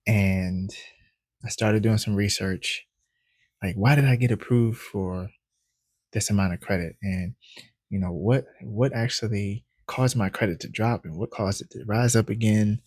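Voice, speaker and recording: A man with a low, slightly husky voice tells a personal story straight to camera. He gets animated as he acts out his own past thoughts and often laughs. The sound is close and dry, with no room echo. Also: measured pace. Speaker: credit educator vlogger.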